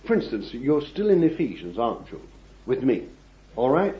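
A man preaching a sermon, reading scripture and addressing his listeners as beloved, swinging from hushed words to loud ones. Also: medium pitch, very animated, moderate pace. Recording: dull, echoey old recording.

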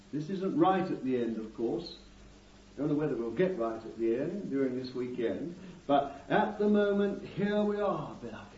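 A man's voice: high voice, warm tone. A man preaching a fervent sermon, calling his listeners beloved and breaking in with amen and hallelujah. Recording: dull distant recording in a roomy hall.

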